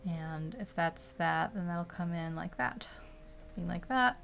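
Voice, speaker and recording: A woman's voice: fairly low pitch, a little slow, creaky, a bit bright. A young woman casually narrating as she paints a digital portrait, chatty and rambling, laughing often between thoughts. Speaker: digital art streamer.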